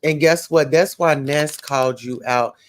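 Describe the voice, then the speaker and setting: Sassy Southern woman, livestream gossip host reading comments, animated and chatty. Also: sits low, a little slow, slight background noise. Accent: Southern US, Atlanta. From Atlanta, USA. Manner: sassy, animated, calls listeners child and baby.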